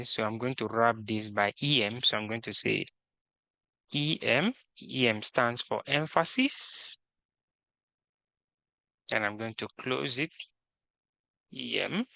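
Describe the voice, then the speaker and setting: A man leads a screen-recorded coding lesson in a mid-range voice that's creaky, pushed and bright, without any echo. Slow and methodical, he reads the task instructions out loud and walks through each step.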